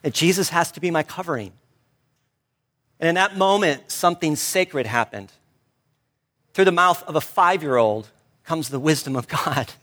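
A middle-aged man delivers a sermon with a slightly raised pitch. He shifts between preaching and a casual, lively story about his family, keeping it conversational. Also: normal speed, pauses often. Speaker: pastor.

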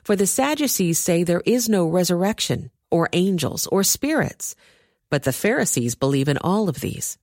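Woman reader, lowish voice, dry close sound, steady scripture reading. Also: no echo. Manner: steady, measured storytelling.

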